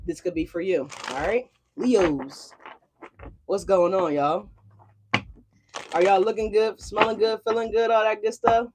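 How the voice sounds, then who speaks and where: A woman's voice: medium pitch, fairly even intonation, unhurried, pauses often, background noise. A woman doing a casual tarot reading for her channel, chatty and a little profane, calling her viewers y'all. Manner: loose and profane. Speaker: tarot reader. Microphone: desk mic.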